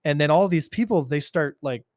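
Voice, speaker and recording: A man co-hosting a casual gaming podcast, telling stories in an animated, rambling way with many restarts. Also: fairly high pitch, moderate pace, dry recording, clean studio sound. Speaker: podcast co-host.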